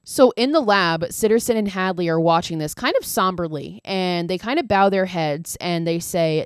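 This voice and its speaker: A woman's voice: lowish voice, lively intonation, moderate pace, no room sound, clean studio sound. A woman hosting a podcast, casually recapping a film with lots of swearing and gushing asides. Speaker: podcast host.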